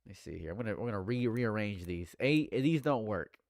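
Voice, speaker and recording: A man streaming casual live commentary, ranting in mock outrage and swinging between mumbled asides and loud outbursts. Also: lowish voice, animated, brisk, gravelly, no echo.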